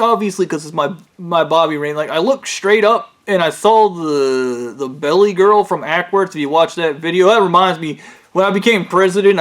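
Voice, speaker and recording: Excitable, profane man with a slightly high voice. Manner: profane, excitable, breaks into loud yells. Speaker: vlogger. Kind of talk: casual storytelling.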